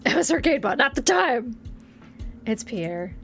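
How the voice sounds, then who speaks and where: A woman's voice: on the high side, big pitch swings, slow pace, gravelly, pauses often, a bit bright, faint music behind. A young woman streaming a game, reading its text aloud and reacting emotionally, at times tearful.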